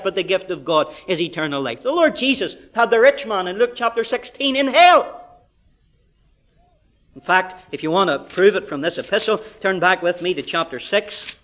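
A man with a Northern Irish accent preaching an expository Bible sermon, swinging between loud, drawn-out proclamations and quiet asides. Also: high voice, lively intonation, muffled recording.

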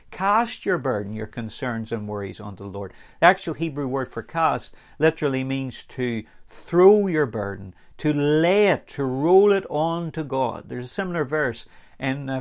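A man preaching a sermon, earnest and lively, with dramatic pauses and acted-out anecdotes. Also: medium pitch, gravelly.

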